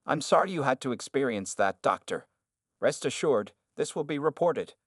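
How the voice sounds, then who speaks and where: A courteous woman pilot speaks quietly with calm assurance, voiced by a man narrator. Her delivery is polite and steady. The sound is close and dry. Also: mid-range voice, moderate pace, dry recording, close to an everyday voice.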